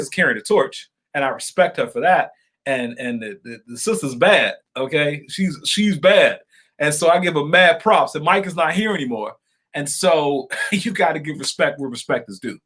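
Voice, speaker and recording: A man holds forth on a live stream, calling his viewers y'all and folks. He talks fervently and circles back to the same points, jumping from loud outbursts to quiet asides, then slips into reading comments aloud. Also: on the high side. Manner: fervent, repetitive, swings between shouting and quiet asides.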